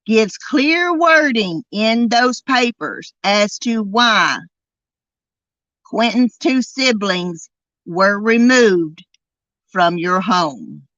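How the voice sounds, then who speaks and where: A woman hosting a true crime podcast, delivering an indignant, emphatic monologue and drawing out key words slowly. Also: mid-range voice, animated, fairly bright tone, no room sound, lo-fi sound. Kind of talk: angry commentary monologue.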